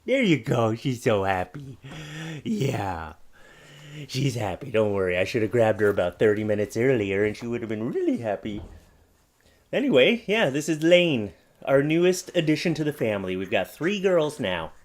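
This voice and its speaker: A man chatting casually on his vlog, talking playfully and gently to a baby. His voice swings up and down a lot. He speaks close to a desk microphone in a home office. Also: mid-range voice, big pitch swings, moderate pace. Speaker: YouTube host and new father. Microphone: studio microphone.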